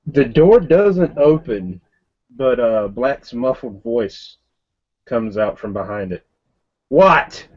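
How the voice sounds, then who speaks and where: Man game master, halting detailed narration, lo-fi. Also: mid-range voice, lively intonation.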